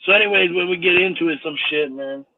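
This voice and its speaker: A man's voice: high voice, fast, over a noisy crowd. Profane man telling a story on the phone. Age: 40s. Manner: profane, insistent. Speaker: caller. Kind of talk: casual storytelling. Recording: tinny phone line.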